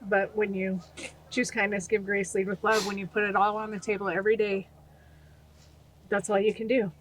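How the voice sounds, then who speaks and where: A woman's voice: mid-range voice, normal speed. Earnest woman telling stories, noisy background. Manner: earnest, animated storytelling. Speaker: guest, nonprofit founder. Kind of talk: podcast interview.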